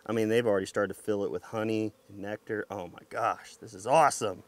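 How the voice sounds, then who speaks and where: Excited man with a low voice, outdoors. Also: a little fast. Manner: excited, folksy, talks to camera while handling hives. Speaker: beekeeper vlogger. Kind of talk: casual outdoor narration while working. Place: outdoors at beehives. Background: buzzing bees.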